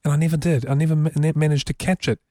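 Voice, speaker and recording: Chatty Kiwi man with a higher voice. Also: little pitch movement, rapid-fire, warm tone. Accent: New Zealand. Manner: chatty, laughs often, rambling. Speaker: podcast co-host. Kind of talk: casual tech podcast chat.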